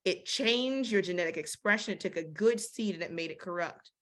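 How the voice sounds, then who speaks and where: A woman teaching a casual Bible study, lively and slangy, acting out the verses she quotes. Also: fairly low pitch, brisk.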